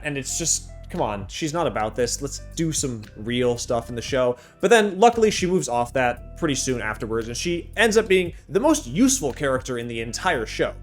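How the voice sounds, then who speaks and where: A man giving a casual, sarcastic anime review with big jumps in pitch. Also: big pitch swings, moderate pace, few pauses, soft background music. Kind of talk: casual commentary.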